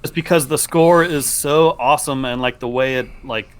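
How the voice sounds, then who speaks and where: A man's voice: medium pitch, normal speed, clear, resonant tone. A man co-hosting a podcast in casual chat, easygoing, asking questions and laughing along. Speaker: podcast co-host. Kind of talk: casual chat about a film.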